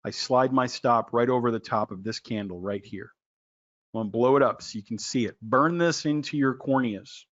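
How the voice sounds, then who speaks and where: A man teaching a trading lesson in an excitable, loud, jokey way, quizzing his listeners by name. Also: medium pitch, moderate pace, dull audio. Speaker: trading educator. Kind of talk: animated screen-share trading lesson.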